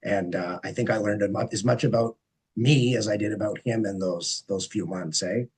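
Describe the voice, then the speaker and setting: A man's voice: lowish voice, moderate pace, darkish tone, breathy edge, poor audio. A man moderating a panel, introducing guests in an earnest, personal way with frequent "eh?" tags.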